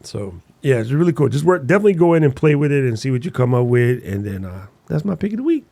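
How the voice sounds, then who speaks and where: A man co-hosting a podcast in casual chat, slangy and playful, even making sound effects with his mouth. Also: medium pitch, quick pace, creaky, no echo. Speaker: podcast co-host.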